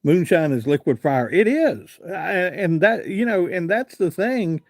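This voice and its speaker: A man's voice: high voice, animated, a little slow, a little mellow, no room sound, clean studio sound. Rambling man telling folksy stories. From Virginia, USA. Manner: rambling, folksy storyteller who reads out and answers viewer comments. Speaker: live-stream host. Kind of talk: casual live-stream chat and storytelling.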